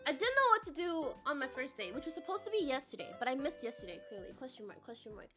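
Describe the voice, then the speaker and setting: A woman's voice: sits high, very animated, fast, over music. A woman streamer chatting casually with her viewers, bubbly and giggly, reading chat aloud and swearing now and then, while coming down with a cold.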